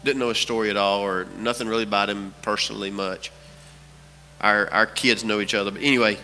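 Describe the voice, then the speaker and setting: Bright-voiced pastor preaching in a reverberant church. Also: male voice, fairly low pitch, steady tone, fairly quick, faint music behind. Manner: storytelling, repeats phrases for emphasis. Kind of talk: sermon. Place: church sanctuary.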